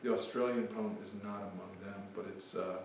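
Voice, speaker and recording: Male poet, live reading, offhand chatter, distant mic in a boomy room. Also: steady tone, a little fast, background noise. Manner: chatty, offhand asides between poems. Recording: echoey hall, mic from afar.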